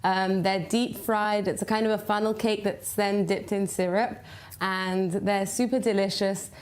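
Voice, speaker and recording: A woman's voice: mid-range voice, flat delivery, unhurried, darkish tone. A woman guest in a TV studio, earnestly explaining a traditional dessert. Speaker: podcaster and recipe developer. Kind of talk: studio interview.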